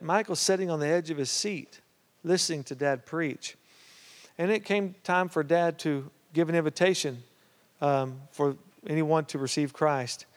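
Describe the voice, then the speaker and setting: Guy preaching a sermon story, kinda high voice, chatty with lots of uhs, long church reverb on it. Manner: conversational, lots of "uh" and "you know", grows animated. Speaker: pastor. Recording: reverberant hall sound.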